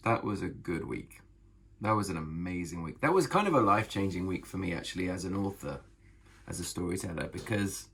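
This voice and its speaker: Brief: male author vlogger, low gravelly husky voice, enthusiastic and emphatic delivery. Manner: enthusiastic, emphatic, repeats phrases. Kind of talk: casual talk to camera about writing.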